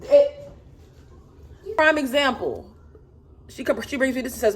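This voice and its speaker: A woman's voice: sits high, sing-song, a little slow, a little hiss or hum. A woman in her thirties, a mother of four, ranting to camera in an emphatic, sassy way and repeating herself for stress.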